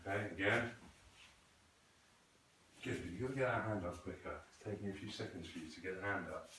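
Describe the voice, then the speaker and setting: Low-voiced male krav maga instructor, echoey. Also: brisk, fairly bright tone, slight background noise. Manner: patient, corrective, asks the student questions. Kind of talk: coaching a student in a class. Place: training hall. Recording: echoey room, voice from a distance.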